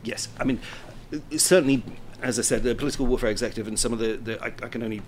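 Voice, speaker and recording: A man speaks with earnest focus as an interview guest. He often restarts and repeats words while he works out his point. A faint rumble sits underneath the recording. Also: steady tone, fast talker. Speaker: guest expert on influence and military operations. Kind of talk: interview answers.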